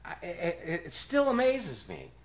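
A man preaching a sermon as pastor, emphatic and repeating key phrases, often dropping to a hushed, near-whispered voice. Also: high voice, wildly swooping pitch, a little slow.

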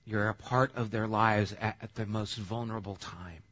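A male pastor preaching a sermon in a conversational, animated way. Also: on the low side, normal speed, dull audio.

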